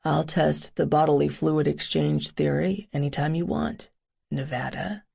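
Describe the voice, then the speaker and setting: A woman doing a low, brooding young man. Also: fairly even intonation, unhurried, vocal fry, slightly rough, heavily acted. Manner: low, hushed and wry. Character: brooding, teasing young man, love interest.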